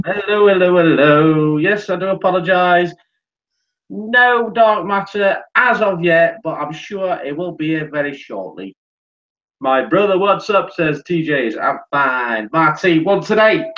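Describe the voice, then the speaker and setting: Man, stream host, high voice, chatty, a few drinks in, muffled lo-fi audio. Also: expressive, unhurried, fairly bright tone. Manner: chatty, apologetic, greets viewers by name. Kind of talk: casual live stream chat.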